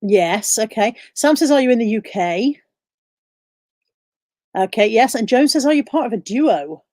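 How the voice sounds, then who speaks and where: A woman with a fairly high voice hosts a casual live stream, reading viewer questions aloud and answering them. The sound is dry and close, with no room echo. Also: lively intonation, unhurried, a little mellow.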